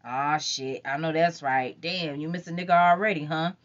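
A woman's voice: deep voice, moderate pace, lightly acted. A woman voicing a crude, cocky young man on tour in an audiobook reading, teasing and suspicious, on a dull lo-fi recording.

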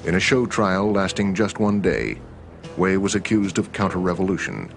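Documentary narrator, male, very low voice, measured, faint music under. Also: expressive, vocal fry.

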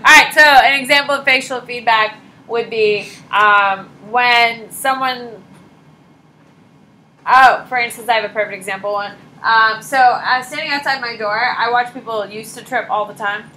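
Chatty teacher woman, bright voice. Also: a little high, moderate pace, slight background noise, low-quality recording. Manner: chatty, storytelling, full of "like" and asides. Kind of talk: casual classroom lecture. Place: classroom.

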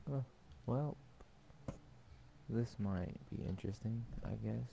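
A man's voice: lowish voice, takes it slowly, creaky, warm tone, highs cut off, a little hiss or hum. A man chatting offhandedly and swearing during an online game session, about to log off, on a headset. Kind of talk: casual gaming chat.

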